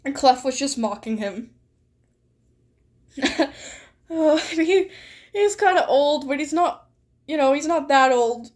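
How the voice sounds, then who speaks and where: A woman's voice: high-pitched, slow pace, pauses often. A young woman streamer telling a story casually and animatedly while gaming, giggling often. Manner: animated, giggly, retells chats with quoted lines.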